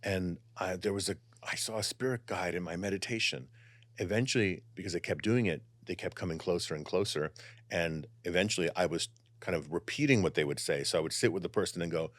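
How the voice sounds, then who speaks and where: A man who is a psychic and channeler, talking in an animated, expressive way and easing into calm guided meditation. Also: low voice, a little fast, dry recording. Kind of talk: casual conversation and guided meditation.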